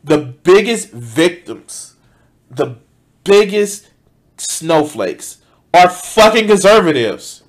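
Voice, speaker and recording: A man with a high, wildly swinging voice reacts to a video on stream and keeps pausing it to vent. He speaks slowly and drawls, then jumps into loud, swearing outbursts between stretches of muttering. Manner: animated, profane, interrupting with sudden loud outbursts; reads out donation thanks. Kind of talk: casual reaction commentary.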